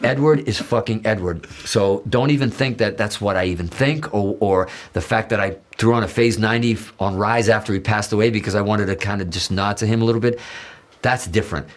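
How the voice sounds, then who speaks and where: Male interview guest, low-pitched, casual storyteller; swears a lot, restarts sentences, voices quoted dialogue. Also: brisk. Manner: animated, profane, restarts often, acts out quoted dialogue.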